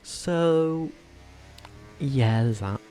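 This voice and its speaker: A man vlogging casually, talking in a rambling, animated way with frequent self-corrections and tangents. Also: mid-range voice, drawn-out words, faint music behind. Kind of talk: casual opinionated commentary.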